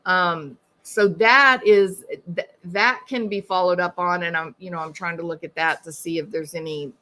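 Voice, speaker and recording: A woman's voice: on the low side, fairly even intonation, normal speed, sharp tone. A middle-aged woman hosting a true crime live stream, chatting casually, reading viewer comments and laughing at her own jokes.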